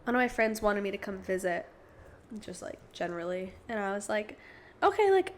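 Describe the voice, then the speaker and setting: A young woman in her twenties co-hosting a podcast, telling stories in a giggly, animated way and acting out what people said. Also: medium pitch, a little fast. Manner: giggly, animated storytelling, acts out quotes. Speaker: podcast co-host. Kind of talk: casual chat.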